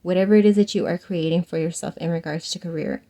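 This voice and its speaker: A woman tarot reader talking in a chatty, animated storytelling way, laughing often and swearing casually. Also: fairly low pitch, fast talker.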